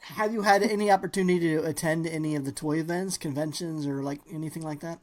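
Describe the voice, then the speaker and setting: A man's voice: on the high side, steady tone, fast. Teasing, joking podcast co-host man. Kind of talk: casual podcast chat.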